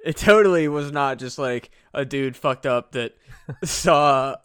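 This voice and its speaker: Smooth, dry-sounding male podcast host. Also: medium pitch, takes it slowly, a bit bright, no echo. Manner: laid-back, swears a lot, laughs often. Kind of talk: casual comedic chat.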